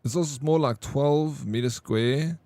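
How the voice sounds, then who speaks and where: A relaxed South African man talks with his stream viewers, answering comments in an easygoing, chatty way. He speaks slowly at a mid pitch. The sound is dry and close, with no room in it. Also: no room sound. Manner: chatty, laid-back, reads and answers chat. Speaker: live streamer. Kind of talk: casual live-stream chat with viewers.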